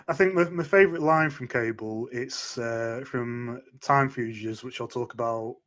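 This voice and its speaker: A man's voice: medium pitch, a bit bright. Eager male fan interviewing a guest. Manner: eager fan, halting with fillers. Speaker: interview host.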